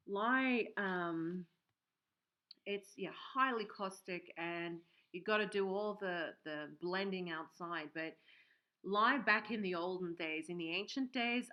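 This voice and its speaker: A woman hosting a casual livestream from her workshop, chatting in a rambling way with many fillers and reading out viewer comments. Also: fairly low pitch. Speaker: livestream host and soap maker. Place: home workshop. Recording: dull, lo-fi stream audio.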